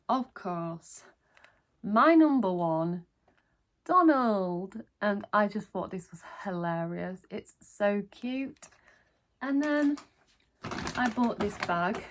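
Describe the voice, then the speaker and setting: Slow, gushing woman vlogger. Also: mid-range voice. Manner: gushing, enthusiastic. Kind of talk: casual haul video chat.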